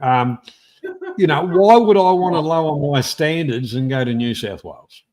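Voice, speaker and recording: Older man, high voice, teasing banter in a casual chat. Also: animated, moderate pace, a crowd in the background. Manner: jokey, needling, mocking banter. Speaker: show co-host.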